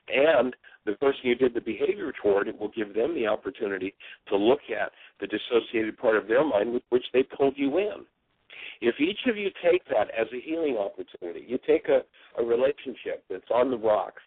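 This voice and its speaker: A man's voice: medium pitch, no echo. Male talk radio host, earnest teacher manner, phone-line audio with a dry sound. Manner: earnest, explanatory, acts out quotes in other voices.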